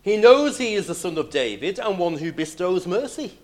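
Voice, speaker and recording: A man preaching a sermon, emphatic, moving between loud declarations and hushed lines. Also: sits high, big pitch swings, normal speed.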